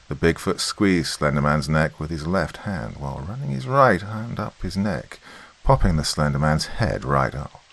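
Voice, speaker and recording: A man narrating a horror story in a measured, deliberate way. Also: rumbling low, gravelly, fairly bright tone.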